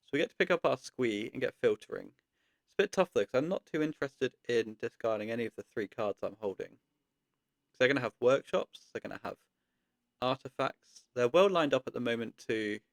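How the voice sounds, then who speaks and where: A man giving casual gameplay commentary, thinking aloud in a relaxed way with frequent pauses and ums. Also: mid-range voice, gravelly, no room sound. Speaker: card game content creator.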